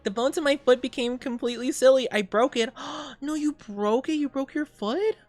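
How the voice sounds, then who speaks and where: A woman's voice: high-pitched, moderate pace, darkish tone, soft background music. A woman in her twenties chatting casually on stream, rambling and giggling often, and playing around with silly voices. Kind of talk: casual chat.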